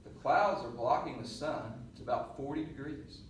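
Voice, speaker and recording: A middle-aged man coaching on presentation skills, telling a lively story to a class and acting out the voices. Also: medium pitch, moderate pace. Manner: animated storyteller, laughs and acts out voices. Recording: roomy echo, mic at a distance, faint noise.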